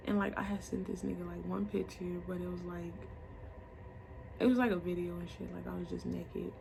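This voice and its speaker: Gravelly young woman telling a storytime. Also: mid-range voice, fairly quick, a little hiss or hum. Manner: blunt, profane, animated retelling with quoted voices. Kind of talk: casual storytime vlog.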